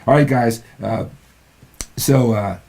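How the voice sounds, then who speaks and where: A man's voice: medium pitch, slow, warm tone. An older man giving an earnest motivational talk as a fitness and mindset coach, often checking in with the listener. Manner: earnest, peppers lines with "right?".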